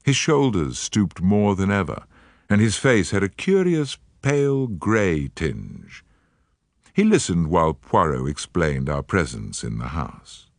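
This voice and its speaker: A man narrating a classic mystery audiobook in a measured, expressive storytelling manner. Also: deep voice, dry recording, clean studio sound.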